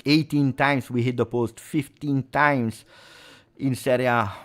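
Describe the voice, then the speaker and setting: Excitable football reactor. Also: male voice, mid-range voice, unhurried. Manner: animated, swings from muttering to shouting. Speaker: live match watch-along host. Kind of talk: live football reaction commentary.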